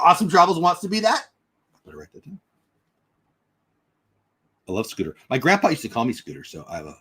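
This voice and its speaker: A man with a slightly husky, breathy voice chats loosely on his livestream, thinking out loud as he answers viewers. His pitch swings widely and freely as he goes. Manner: chatty, rambling, thinks out loud. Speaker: livestream host. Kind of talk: casual livestream chat reading comments.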